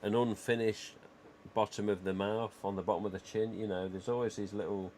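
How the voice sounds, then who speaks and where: A man's voice: lowish voice, steady tone, fairly quick, darkish tone, slight background noise. A man hosting a livestream, chatting casually and rambling with lots of "you know" asides. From England. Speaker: livestream host.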